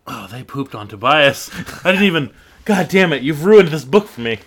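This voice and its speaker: Guy cohosting a chatty book podcast, bright clear tone, laughs a lot and hams up the quotes. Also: fairly high pitch, very animated, moderate pace. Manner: giggly, jokey, reads quotes aloud with relish. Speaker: podcast co-host. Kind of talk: casual book-club podcast chat with read-aloud passages.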